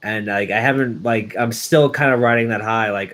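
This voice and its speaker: A man's voice: fairly low pitch, normal speed, few pauses. A young man, a schoolteacher, hosting a casual live stream and telling stories loosely with many fillers. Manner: rambling, warm-hearted storytelling with many fillers.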